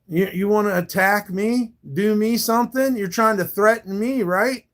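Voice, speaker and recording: A man's voice: high voice, normal speed, a bit bright. A man live streaming, talking back to his viewers in a confrontational, profane rant.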